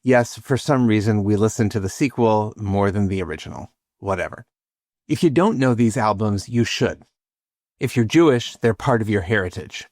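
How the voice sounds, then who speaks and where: Measured, reflective male podcast host. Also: fairly low pitch, darkish tone, no room sound, studio quality. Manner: reflective, measured, lightly humorous. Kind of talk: scripted podcast narration.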